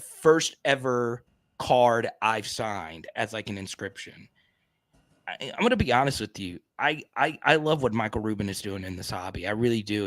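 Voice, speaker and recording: A man's voice: medium pitch, dry recording. A man chatting as a guest analyst on a live stream, emphatic, often tagging his points with "right?" and "okay?". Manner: emphatic, keeps checking in with 'right?' and 'okay?'. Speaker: guest card market analyst. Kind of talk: casual live-stream chat.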